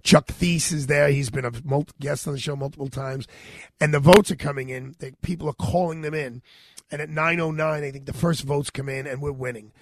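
A man, a radio host telling a personal story with a sore throat, animated and retelling dialogue. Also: a little high, fairly quick, no echo. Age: 50s.

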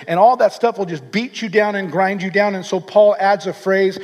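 A pastor preaching a sermon in an earnest, energetic way, often restarting his words. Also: high voice, normal speed, few pauses, big-room sound.

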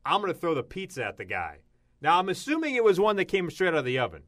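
A man co-hosting a casual show, telling odd news stories with big bursts of excitement. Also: high-pitched, fast. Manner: animated storytelling with sudden loud exclamations. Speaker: radio show co-host.

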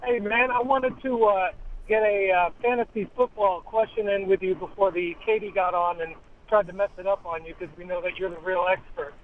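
A man's voice: high voice, steady tone, brisk. A man calling in to a radio show on speakerphone, friendly and easygoing. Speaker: radio caller. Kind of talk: casual call-in chat. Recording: tinny speakerphone line.

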